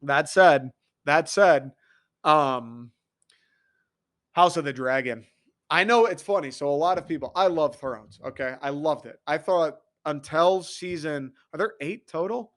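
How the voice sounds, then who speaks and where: This American podcast host rants alone on the mic, animated and excitable, swearing as he goes. Though unhurried, his energy leaps about as he gets worked up, and his voice is somewhat high for a man.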